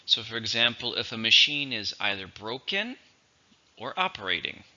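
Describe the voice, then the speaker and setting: A man teaching English vocabulary, going through each word methodically and repeating it slowly for its syllables and stress. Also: medium pitch, big pitch swings, pushed and bright, lo-fi sound. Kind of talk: vocabulary lesson.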